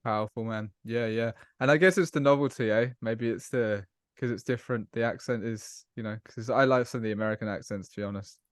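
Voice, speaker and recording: Enthusiastic British podcast host. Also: male voice, mid-range voice, fairly even intonation, fairly quick, clean tone, no room sound, clean studio sound. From British Isles. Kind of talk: conversational podcast interview.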